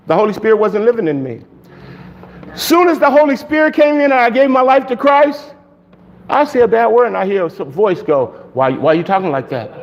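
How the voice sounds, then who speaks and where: A male pastor preaching a sermon in an animated way, laughing often and shouting for emphasis. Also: extremely high pitch.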